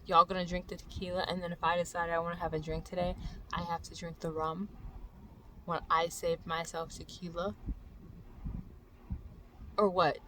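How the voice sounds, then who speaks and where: Bright-voiced young woman ranting profanely. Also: on the low side, gravelly, a little hiss or hum, poor audio. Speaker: vlogger. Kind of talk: angry personal vlog rant.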